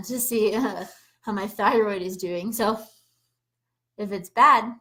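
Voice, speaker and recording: A woman's voice: mid-range voice, takes it slowly, bright, forceful tone. A young woman co-hosting a casual podcast, talking animatedly, laughing often and swearing freely. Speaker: podcast co-host. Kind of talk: casual chat.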